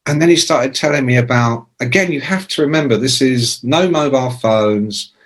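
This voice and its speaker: A man in his sixties, a rock journalist telling profane, lively anecdotes as a podcast guest. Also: mid-range voice, normal speed. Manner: lively, profane, acts out quoted voices. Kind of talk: anecdotal storytelling in a podcast interview.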